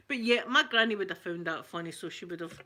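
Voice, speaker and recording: A Scottish woman hosting her channel, telling a story in an animated, chatty way that keeps breaking into laughter. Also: fairly low pitch. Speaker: ASMR channel host. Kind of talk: casual storytelling.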